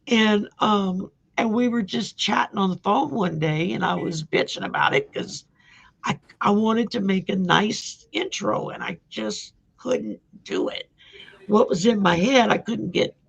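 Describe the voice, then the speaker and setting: A hoarse woman with a Louisiana Cajun accent hosts a rambling, chatty live chat. Her voice is gravelly and husky. She comes through muffled video call audio. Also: medium pitch, unhurried. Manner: chatty, rambling, laughs often. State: hoarse from a sore throat. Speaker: host.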